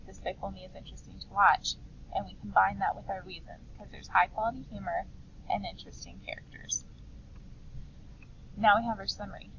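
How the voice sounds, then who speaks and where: Woman teacher with a gravelly voice. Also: medium pitch, distant mic. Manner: reads an example aloud, then explains step by step. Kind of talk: screen-recorded writing lesson. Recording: slightly dull, faint background noise.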